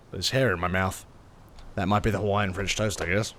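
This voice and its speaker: A man's voice: on the low side, brisk, fairly bright tone. A man streaming a game live, chatting playfully with viewers in a rambling, sing-songy way. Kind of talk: casual live-stream chat.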